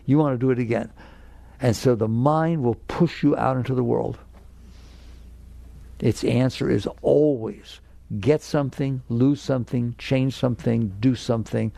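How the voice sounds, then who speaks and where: A man's voice: mid-range voice, vocal fry, mellow, no echo. An older man giving a spiritual talk to an audience, direct and emphatic, sometimes acting out inner voices. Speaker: spiritual teacher.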